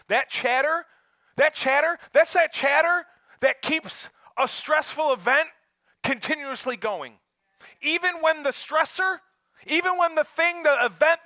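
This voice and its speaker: High, bright-voiced male pastor preaching. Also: no echo, studio quality. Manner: humorous, animated, addresses the congregation directly. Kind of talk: sermon. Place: church service held in a school.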